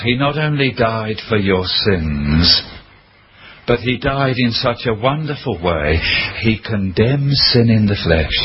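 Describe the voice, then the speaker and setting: A man's voice: lowish voice, dull audio, slight background noise. A man preaching a sermon with impassioned emphasis, breaking into dramatic cries.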